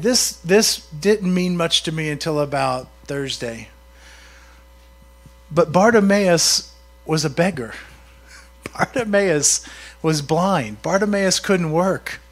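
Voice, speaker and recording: A man preaching a sermon in a conversational way, often asking his congregation questions. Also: a little high. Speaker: pastor.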